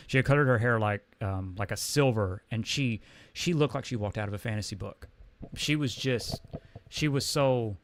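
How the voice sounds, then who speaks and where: A man with a Texan accent chats through a personal story, stopping and restarting as he goes. His pitch sits in the middle of the usual range for men. The sound is dry and close, with no room echo. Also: fairly bright tone. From Texas. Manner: rambling, halting, with many restarts and fillers. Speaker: comics livestream host. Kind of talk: casual storytelling chat.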